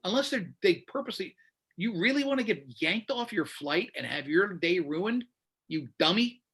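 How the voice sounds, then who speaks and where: A man's voice: sits high, animated, moderate pace, a bit bright, slightly rough. A man in his fifties, a radio host being interviewed, talking bluntly and with animation in casual chat. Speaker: radio show host, guest.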